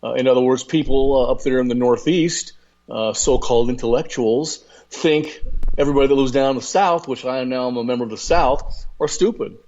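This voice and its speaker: A man's voice: medium pitch, a little fast, a little mellow, highs cut off. Folksy male talk radio host. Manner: folksy storyteller, rambling with many uh fillers. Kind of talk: conversational talk radio commentary.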